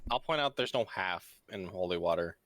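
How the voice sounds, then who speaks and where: A man's voice: sits low, expressive, fairly quick, fairly bright tone, dry recording. A man running a tabletop game as game master, narrating scenes and correcting rules in a matter-of-fact way. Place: home setup for an online stream.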